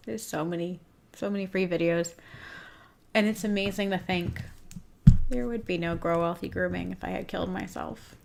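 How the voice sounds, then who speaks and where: A woman's voice: fairly low pitch, vocal fry. A woman hosting a livestream for groomers, speaking candidly and emotionally while teary-eyed, reading viewers' comments aloud. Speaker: host of a groomer business show.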